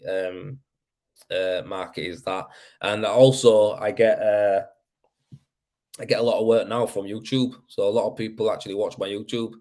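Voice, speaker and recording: Chatty West Yorkshire man, lowish voice. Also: a little mellow. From Leeds, West Yorkshire. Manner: rambling, laughs often, says "you know what I mean". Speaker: plastering livestream host. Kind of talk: casual livestream chat reading comments.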